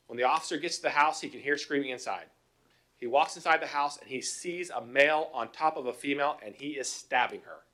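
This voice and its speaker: A man's voice: mid-range voice, fairly bright tone. A middle-aged man, a police officer, giving an informal talk to a council with stories and rhetorical questions. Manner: conversational, acts out both sides of calls, rhetorical questions. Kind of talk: informal presentation with anecdotes.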